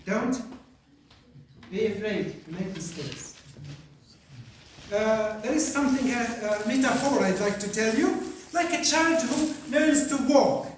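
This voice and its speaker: A man from Algeria teaches an English class in a very high-pitched, expressive voice, with slight background noise behind him. He hesitates often, piles on fillers, and keeps asking "right?". The mic is far off in a very echoey room.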